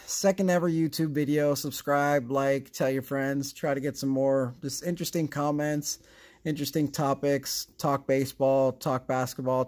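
Sarcastic rambling man opening cards. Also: a little high. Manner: rambling, chatty. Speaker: card collecting channel host. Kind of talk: casual card-opening vlog.

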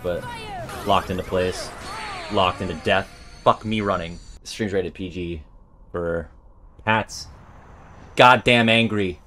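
A young man streaming a video game, joking and swearing, swinging from mumbles to yells, with faint music behind him. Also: low-pitched. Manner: swears a lot, jokey, swings from mumbling to yelling. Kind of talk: casual game-stream commentary.

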